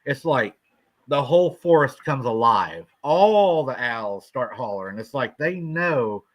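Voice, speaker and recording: A man's voice: mid-range voice, very animated, unhurried, low-quality recording. A man hosting a live stream, talking in a rambling, laid-back way about his own experiences. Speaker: host. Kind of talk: casual chat.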